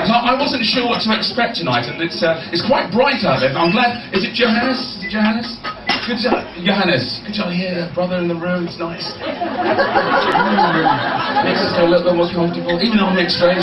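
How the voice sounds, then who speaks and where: A male stand-up comedian doing crowd work, teasing audience members with quick questions between jokes. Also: on the high side, dull audio. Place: comedy club stage. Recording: echoey distant live club recording.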